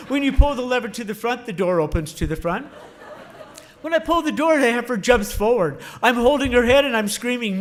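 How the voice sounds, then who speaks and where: A middle-aged man, a veterinary professor, giving a humorous storytelling speech and animatedly acting out the quotes. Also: sits high. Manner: animated, shouts and acts out quotes for comic effect.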